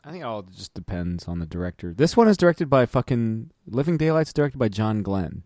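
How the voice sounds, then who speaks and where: A man's voice: fairly low pitch, very animated, fairly quick, darkish tone, no room sound, clean studio sound. A man co-hosting a casual podcast, making wry asides in conversation. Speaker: podcast co-host. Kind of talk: casual chat.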